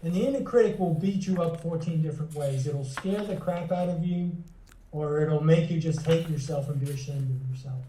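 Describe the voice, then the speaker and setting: The speaker is a man, a psychotherapist and author, teaching earnestly during an interview and repeatedly restarting phrases. His slightly high, mellow voice moves at a moderate pace; the recording is distant and echoey, with a little hiss or hum.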